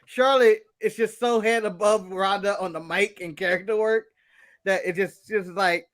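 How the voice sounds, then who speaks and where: Man co-host, high voice, slangy and teasing, casual banter. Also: fairly even intonation, moderate pace, fairly bright tone. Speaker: podcast co-host. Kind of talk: casual wrestling recap chat.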